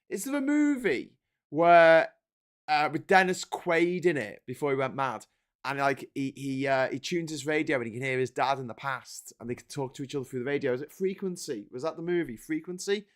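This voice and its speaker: A man with a slightly raised pitch hosts a relaxed livestream. He rambles through the news with biting sarcasm and breaks into quick laughs. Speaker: host. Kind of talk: casual livestream commentary on the papers.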